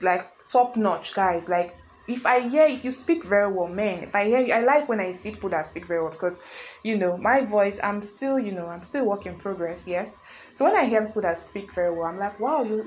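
A young adult woman with a Nigerian accent, telling a story to her viewers in a chatty, expressive way with slangy asides. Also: medium pitch, a little hiss or hum, low-quality recording. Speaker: vlogger.

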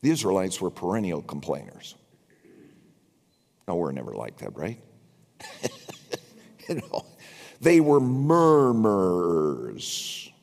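Slow, lively older male preacher. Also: sits low, gravelly, husky. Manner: animated, wry asides to the congregation. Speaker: pastor. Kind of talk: sermon. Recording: long reverb from a large hall.

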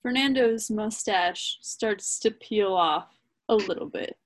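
Slow, giggly woman narrating a sketch. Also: mid-range voice. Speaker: podcast co-host, sketch narrator. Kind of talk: improv comedy narration.

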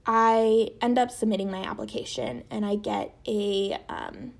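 Her voice is gravelly and unhurried, with a fairly even intonation. She is in her twenties, hosting a podcast and sharing a personal story loosely and chattily, full of fillers, and her pitch leaps whenever she quotes people.

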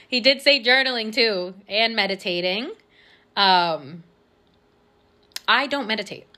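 A woman's voice: on the high side, takes it slowly, long pauses, pushed and bright. A young woman hosting her own podcast, talking casually and rambling with lots of fillers and little laughs. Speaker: podcast host. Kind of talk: casual solo podcast chat.

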